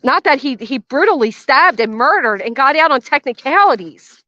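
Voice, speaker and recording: A woman's voice: high-pitched, lively intonation, moderate pace, sharp tone, no echo. An older woman hosting a reaction commentary channel, blunt, sarcastic and swearing freely, recorded outdoors by a garden fence. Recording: dull, dry lo-fi sound.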